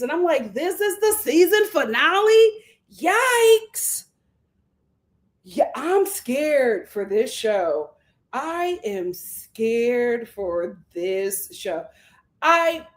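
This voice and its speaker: A woman, giving an animated, gossipy live review of reality TV. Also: on the high side. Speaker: show reviewer.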